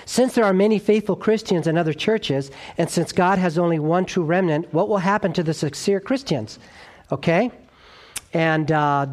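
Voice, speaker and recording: A man preaching an evangelistic sermon, earnest and urgent, rising in emphasis and then dropping low and quiet, often checking in with his listeners.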